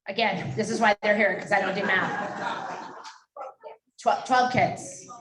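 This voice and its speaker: A woman's voice: on the high side, a bit bright. Tearful woman making a fundraising appeal. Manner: tearful, laughing, chatty. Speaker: fundraising event speaker. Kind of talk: emotional live fundraising appeal. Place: event hall. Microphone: handheld microphone. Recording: echoey hall, distant mic.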